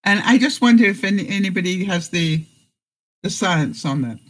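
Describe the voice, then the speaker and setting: A woman's voice: lowish voice, animated, normal speed, rough recording. A woman hosting a casual live stream, reading out jokes and viewer comments and laughing often.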